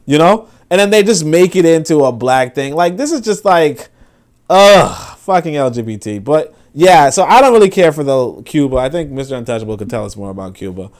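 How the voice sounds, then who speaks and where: A man hosting a casual podcast, talking in a profane, dismissive and animated way. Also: fairly high pitch, brisk. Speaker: podcast host. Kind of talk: casual commentary.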